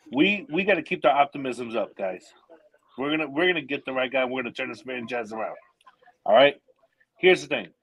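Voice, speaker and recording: A man's voice: medium pitch, fairly bright tone, dry recording, poor audio. An upbeat man joins a sports podcast in a mid-range voice. He speaks casually and optimistically. The recording is dry and close. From Colombian Dominican. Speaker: podcast guest.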